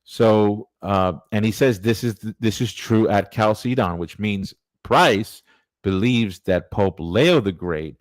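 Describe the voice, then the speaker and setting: A man's voice: low voice, no room sound. A man presenting church history in an earnest, digressive, conversational lecture. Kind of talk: casual lecture.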